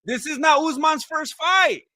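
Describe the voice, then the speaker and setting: A man's voice: extremely high pitch, a little slow, sharp tone, dry recording. A man giving casual, joking play-by-play of a live fight, rambling and repeating himself. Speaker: fight commentator. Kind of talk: casual live fight watch-along commentary.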